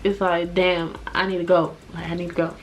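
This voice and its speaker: A woman's voice: on the low side, normal speed, slight background noise. Young woman telling a profane storytime. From Washington DC area. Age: 20s. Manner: animated, profane, slangy storytelling. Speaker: vlogger. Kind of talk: casual storytime vlog. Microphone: compact camera mic.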